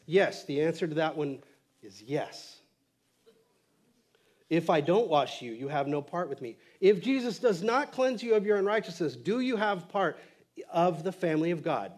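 A male pastor preaching a sermon in a casual, conversational way, acting out quotes from the text with lots of fillers. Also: on the high side.

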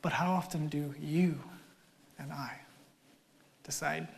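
A male pastor preaching a conversational sermon with wry asides, his voice swelling loud and then dropping nearly to a whisper. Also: a little high, fairly even intonation, takes it slowly, gravelly, a little hiss or hum.

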